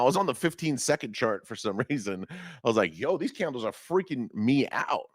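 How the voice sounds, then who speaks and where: A man hosting a live trading stream in a loud, jokey way, his pitch swinging wildly from low mutters to shrill squeals. The sound is dry and close, with no room echo at all. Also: big pitch swings, normal speed, husky. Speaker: host.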